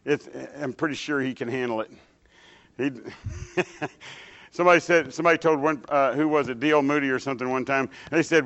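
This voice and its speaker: A man preaching and then leading a prayer in church, fervent and casual, swelling loud on scripture and dropping soft in prayer. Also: medium pitch, a little fast, long pauses. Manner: casual asides like "dude" and "hey, man". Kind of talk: sermon and spoken prayer. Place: church sanctuary with a standing congregation.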